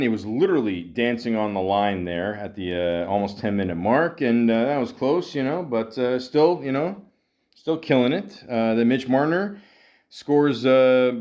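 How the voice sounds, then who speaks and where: A middle-aged man from Canada hosts a podcast in loose, rambling talk about hockey. He swears freely and trips over his words with fillers and restarts. His voice sits at an ordinary pitch for a man. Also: expressive, moderate pace, darkish tone. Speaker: podcast host.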